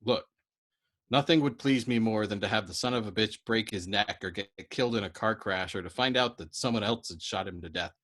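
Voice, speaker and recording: A man's voice: fairly low pitch, a little fast. A man voicing a wary, exasperated young male bombardier who talks in urgent bursts in a storybook reading. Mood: doubtful. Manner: urgent, exasperated, trying to hush.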